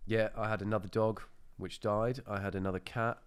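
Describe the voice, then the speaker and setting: Guy, low voice, rambling chatty stories with laughs. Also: steady tone, brisk, clean tone. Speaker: podcast host. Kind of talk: casual chat.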